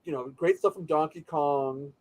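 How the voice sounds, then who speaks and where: A man hosts a casual chat and rambles with enthusiasm, often restarting mid-sentence. His voice sits fairly high for a man. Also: normal speed, low-quality recording.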